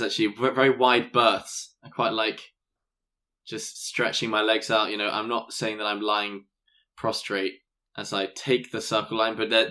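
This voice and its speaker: Young man from Britain, medium pitch, bright tone, dry joking banter, casual podcast. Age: young adult. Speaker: podcast co-host. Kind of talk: casual comedic chat.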